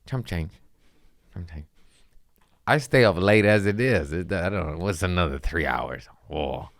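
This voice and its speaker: A man's voice: low-pitched, normal speed, creaky, a bit bright, no echo, studio quality. A young man and comedian telling rambling, profane stories on a casual podcast, saying bro a lot.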